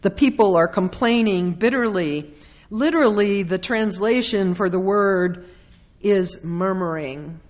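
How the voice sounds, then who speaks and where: A woman's voice: medium pitch, a little slow. A middle-aged woman preaching a conversational sermon, slipping into acted-out quotes of complaining voices.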